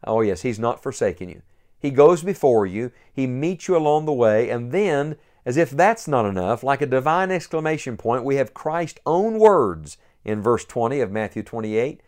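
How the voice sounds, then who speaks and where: A man's voice: mid-range voice, very animated, moderate pace, a little mellow. A man preaching a sermon, earnest and building to emphatic peaks.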